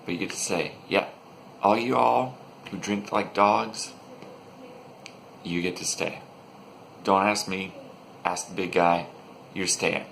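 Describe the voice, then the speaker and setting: A man's voice: low-pitched, fairly even intonation, slow pace, vocal fry, pauses often, a bit bright, slight background noise, heavily acted. A man voicing a weary army leader who dismisses his troops in an offhand, shrugging way.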